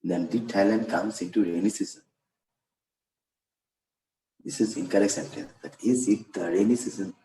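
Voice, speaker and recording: A man teaching spoken English in an online lesson, explaining slowly and haltingly with many restarts. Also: lowish voice, dark tone, reverberant, low-quality recording.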